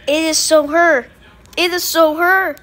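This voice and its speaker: Giggly high-voiced woman gamer. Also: fairly even intonation, measured pace, fairly bright tone, faint music behind. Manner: giggly, laughs often, squeals in surprise. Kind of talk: casual gaming commentary.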